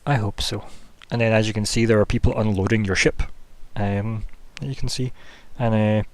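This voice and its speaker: A man's voice: fairly low pitch, little pitch movement, normal speed, no echo. A man narrating a tabletop game as game master, rambling casually with plenty of fillers. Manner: rambling, loose, full of fillers like "kinda" and "like".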